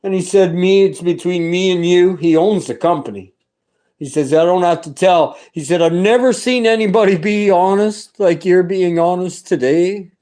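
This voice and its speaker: A man's voice: high voice, normal speed, warm tone. A middle-aged man giving a personal religious testimony, talking in an earnest, rambling and fervent way with many restarts.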